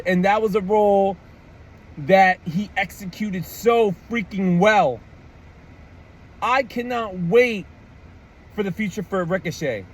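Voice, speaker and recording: A man ranting about wrestling in casual, profane commentary, full of "man" and "like" and mocking voices. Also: high-pitched. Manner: animated, profane, repeats "man" and "like".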